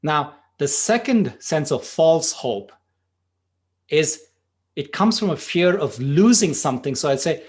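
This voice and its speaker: A man's voice: fairly high pitch, expressive, unhurried. A man teaching a meditation workshop, talking conversationally and telling stories, often saying "you know". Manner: conversational, frequent "you know", spurts of speed. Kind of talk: workshop talk with storytelling.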